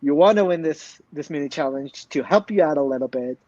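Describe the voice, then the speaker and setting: A man with a high voice chats casually as a podcast co-host, blunt and emphatic, cursing freely. His voice is dry and close, with a slightly dull, lo-fi sound. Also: fairly quick, dark tone, dry recording. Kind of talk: casual recap chat.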